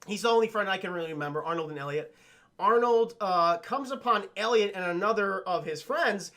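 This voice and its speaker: A man's voice: high-pitched, a little fast, sharp tone. A man reviewing a film on a livestream, rambling and swearing as he talks to his chat.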